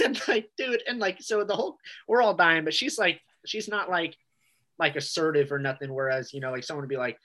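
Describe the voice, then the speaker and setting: Casual swearing comedian telling stories. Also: male voice, on the high side, a little fast, sharp tone, low-quality recording. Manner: loose, swearing storytelling with many fillers. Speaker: stand-up comedian. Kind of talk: casual chat.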